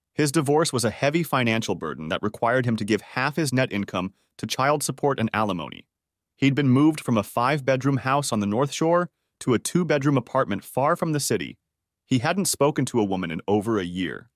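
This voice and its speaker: Guy reading a drama audiobook, expressive, lively pitch, dry close sound. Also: no room sound. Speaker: audiobook narrator. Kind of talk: scripted story narration.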